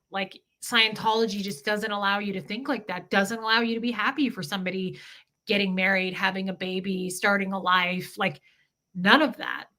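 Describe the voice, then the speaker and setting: A woman's voice: mid-range voice, pushed and bright. A woman hosting a livestream, talking candidly and emotionally about her past, swearing freely. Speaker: livestream host.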